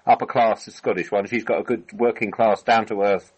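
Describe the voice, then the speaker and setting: A man's voice: fairly low pitch, moderate pace, slightly rough, poor audio. A British man as a guest in a casual chat, telling stories in a meandering way. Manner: lively, meandering storyteller.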